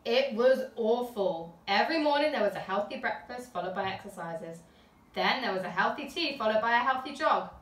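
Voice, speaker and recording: A woman, a nursery teacher, reading a picture book aloud to young children with gentle, chatty asides. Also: on the high side, lively intonation, normal speed. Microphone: camera at a distance. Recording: echoey room, filmed from a distance.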